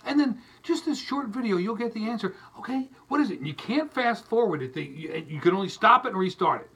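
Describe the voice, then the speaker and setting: A man's voice: high-pitched, animated, brisk, vocal fry, fairly bright tone, breathy edge, low-quality recording. A man, a radio host, giving an exasperated comic rant and acting out little scenes as he goes.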